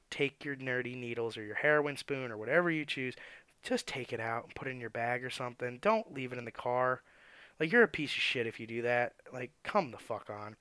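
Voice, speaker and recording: A man's voice: mid-range voice, sharp tone, smooth, dry recording. A man who works as an auto mechanic, telling shop stories in a blunt, profane, ranting way. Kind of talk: casual storytelling rant.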